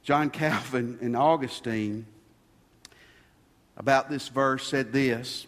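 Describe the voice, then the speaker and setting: Speaking slowly at medium pitch, a pastor delivers a sermon, repeating key phrases for emphasis. The recording carries the long reverb of a large hall.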